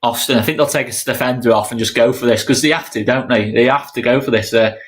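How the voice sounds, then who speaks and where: A man co-hosting a football watchalong, chatting casually and shouting in excitement at goals. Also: medium pitch, fast talker. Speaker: watchalong co-host.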